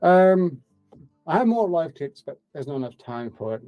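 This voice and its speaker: Lively, mock-grand male co-host. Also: a little high, moderate pace, dull audio, faint music behind. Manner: dry, mock-grand, rambling asides. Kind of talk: live comedy stream.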